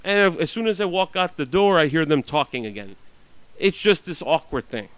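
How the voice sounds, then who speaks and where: A man's voice: a little high, lively intonation, normal speed, a bit bright, clean tone, no room sound, poor audio. A man venting about his neighbors in a blunt, profane, ranting monologue. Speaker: vlogger.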